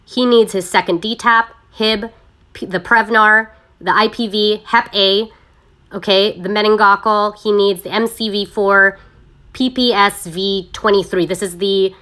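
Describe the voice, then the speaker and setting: A woman hosting a casual live stream on her phone, talking in an animated, sarcastic way and mimicking other people's voices. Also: mid-range voice, unhurried. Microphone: phone camera.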